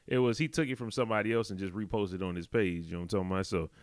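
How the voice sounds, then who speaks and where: A man's voice: fairly low pitch, rapid-fire, dry recording, clean studio sound. A man co-hosting a podcast, chatting casually and laid-back, often checking in with his partner. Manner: laid-back, conversational, often asks "you know what I'm talking about". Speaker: podcast co-host.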